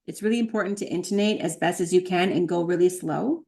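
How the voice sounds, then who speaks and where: A woman teaching a spiritual practice, slowly chanting and repeating sacred sound names, with light laughs at her own slips. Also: lowish voice, vocal fry, a little mellow. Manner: chants tone names slowly, then explains briskly. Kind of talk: chanting lesson.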